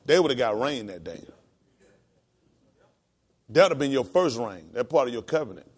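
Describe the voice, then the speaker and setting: A male pastor preaching a sermon. He calls out to the congregation and climbs into high, emphatic, drawn-out lines. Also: big pitch swings. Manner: calls to the congregation with "come on" and "y'all".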